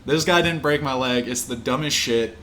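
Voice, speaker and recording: The recording, made in an echoey room with faint ambience and a little hiss or hum, features a young man who hosts a podcast and fights professionally. He speaks loosely at a moderate pace in a bright, mid-range voice, cursing often and laughing readily.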